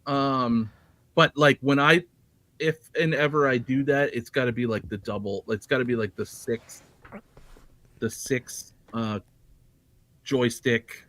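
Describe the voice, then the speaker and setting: A man's voice: medium pitch, steady tone, unhurried, long pauses, fairly bright tone, no room sound. A man chatting casually as a guest on a livestream, rambling with many fillers and restarts. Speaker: guest collector.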